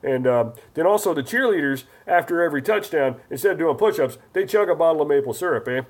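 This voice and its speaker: A man's voice: a little high, animated, quick pace. A man doing a teasing mock Canadian guy. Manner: teasing, ends lines with "eh".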